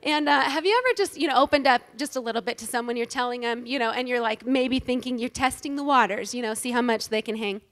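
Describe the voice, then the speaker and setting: A woman giving a humorous, self-deprecating inspirational talk to a live audience on stage, animated and joking. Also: a little high, fast, hardly any pauses. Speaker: inspirational speaker at a women's event.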